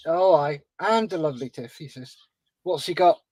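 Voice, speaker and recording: Casual stream host: a man with a higher-pitched voice, dry and close, easygoing and chatty. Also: expressive, normal speed, darkish tone, no room sound, low-quality recording. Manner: chatty, reads out viewer comments, laughs easily. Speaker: livestream host reading chat. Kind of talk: casual chat.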